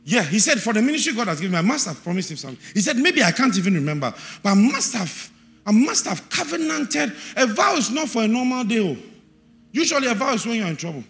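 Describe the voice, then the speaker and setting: A man with a Ghanaian English accent preaching a sermon in a church, repeating verse references and swinging from quiet asides to shouted, sing-song emphasis. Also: high-pitched, big pitch swings, fast talker, faint music behind.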